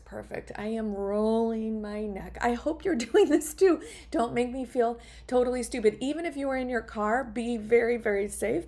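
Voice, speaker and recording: A woman's voice: a little high, darkish tone. A middle-aged woman hosting a podcast, leading listeners through a short wellness exercise in an upbeat, encouraging way, often checking in with "right?". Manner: upbeat, encouraging, narrates her own actions; frequent "right?" tag questions. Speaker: podcast host. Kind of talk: guided wellness talk.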